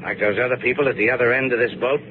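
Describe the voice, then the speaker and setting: A man's voice: mid-range voice, steady tone, racing, close to an everyday voice. A man playing a tough, sardonic boat owner with a dry, defiant delivery, in 1950s radio drama. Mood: sardonic defiance. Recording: scratchy old radio broadcast, narrow band.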